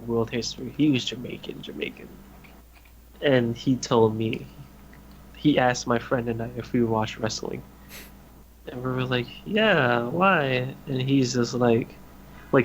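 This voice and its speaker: A man's voice: medium pitch, slight background noise, poor audio. A man co-hosting a wrestling podcast in casual chat, laughing often and acting out what people said. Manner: laughs often, acts out quoted voices. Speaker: podcast co-host.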